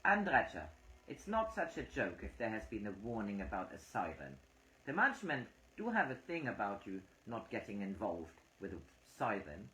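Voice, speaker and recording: Woman voicing a calm aristocratic man mediating. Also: deep voice, moderate pace, rough recording. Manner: calm, gentle, reasoning.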